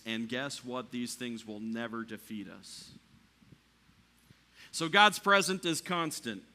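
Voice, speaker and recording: A man preaching a sermon in a church, climbing to near shouting at the peaks and dropping quiet for the calm lines. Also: mid-range voice. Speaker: pastor.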